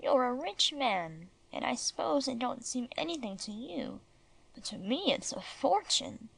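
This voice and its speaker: A woman doing a kindly old washerwoman, slow and humble. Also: sits high, sing-song, creaky, breathy edge, exaggerated voice, poor audio. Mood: humbled.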